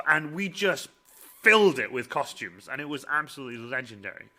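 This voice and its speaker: A man hosting a casual live-stream Q&A, excitable and laughing often as he acts out quoted voices. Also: on the high side, a little fast.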